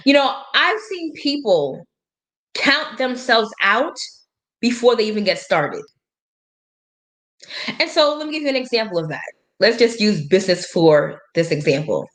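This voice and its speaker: A woman's voice: on the high side, sing-song, measured pace, long pauses. A woman coach giving a motivational live-stream talk, speaking emphatically and preachily, quoting scripture and laughing between points. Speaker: life and business coach.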